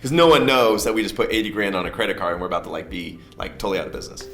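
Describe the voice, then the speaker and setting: A man telling a story as a guest in a conversational interview, animated and quick to laugh. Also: low voice, gravelly, reverberant, music in the background. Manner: animated, acts out other people's lines, laughs often.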